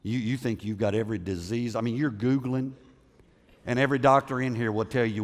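A man's voice: mid-range voice, steady tone, fairly quick, in a large hall. A man preaching a sermon in a conversational way, often repeating words and putting questions to the congregation. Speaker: pastor.

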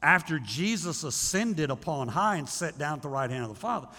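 A male pastor preaching a sermon in a church, animated, often acting out the voices of people praying. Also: on the high side, fairly quick. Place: church sanctuary. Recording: long hall reverb.

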